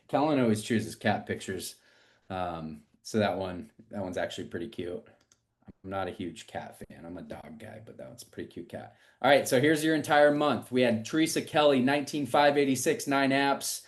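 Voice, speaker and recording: Brief: energetic man hosting a team call, reading numbers and hyping people up. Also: mid-range voice. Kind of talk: upbeat team meeting shout-outs.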